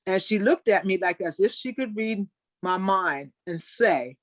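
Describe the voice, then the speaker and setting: An older woman, a Special Olympics athlete, telling animated stories in a webinar interview over a video call. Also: lowish voice, unhurried, no room sound. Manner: animated storyteller, acts out quoted people. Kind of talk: storytelling in an interview.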